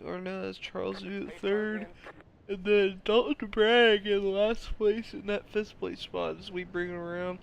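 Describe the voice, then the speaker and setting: A man's voice: sits high, flat delivery, a little slow, vocal fry, a little hiss or hum. A man giving casual play-by-play commentary on a sim race, tired and losing his voice, with apologetic asides between calls.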